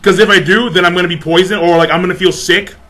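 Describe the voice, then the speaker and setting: A man's voice: sits high, fairly even intonation, fast talker, a bit bright, soft background music. A man voicing a squeamish young man who gets sick easily, in a mocking paraphrase.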